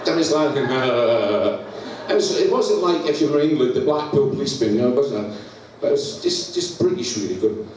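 A Scottish preacher tells a funny story in a church hall, laughing through it and acting out sounds. His medium-pitched voice swings widely in pitch at a slightly fast pace. The echoey church is captured by a distant mic with background noise.

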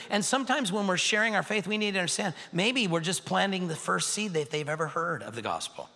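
Animated, bright-voiced male pastor preaching. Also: high-pitched, creaky, in a large hall. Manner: animated, acts out voices and quotes. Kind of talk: sermon. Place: large church sanctuary.

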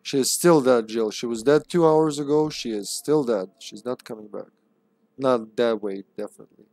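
A man's voice: mid-range voice, moderate pace, dark tone, no room sound. A man streaming a live game, commenting casually with joking, sarcastic remarks and chatting with his viewers.

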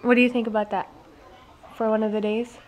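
A woman's voice: fairly high pitch, flat delivery, brisk. A young woman, a mother vlogging in her home kitchen, talking in a chatty, teasing way to a handheld camera. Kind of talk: casual home vlog chat. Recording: faint background noise.

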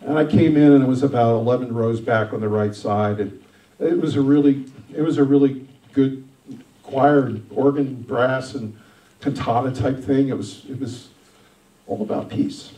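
A man's voice: mid-range voice, normal speed, reverberant, recorded from a distance, poor audio. Emphatic pastor telling his testimony. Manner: emphatic storytelling, swings loud and soft. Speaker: senior pastor. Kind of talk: sermon testimony.

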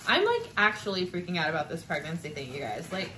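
A woman's voice: lowish voice, wildly swooping pitch, fast, sharp tone, a little hiss or hum. A young woman co-hosting a casual podcast chat, gushing and emotional as she talks. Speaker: podcast co-host. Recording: echoey room with faint ambience.

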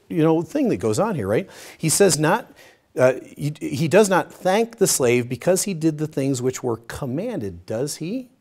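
Teaching a Bible study, this middle-aged man tells stories energetically, moving from loud emphasis to quiet, hushed delivery. His pitch is medium.

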